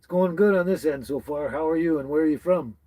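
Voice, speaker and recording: A man's voice: fairly high pitch, fast talker, warm tone, low-quality recording. A man from British Columbia, hosting a casual live stream and greeting viewers by name in a folksy way. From British Columbia, Canada. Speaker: livestream host. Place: tiny house with dogs nearby.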